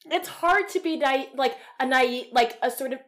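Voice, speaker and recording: Animated young woman podcaster, slightly high. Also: moderate pace. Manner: animated, emotional, acts out quotes with swearing. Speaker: podcast co-host. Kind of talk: casual film discussion.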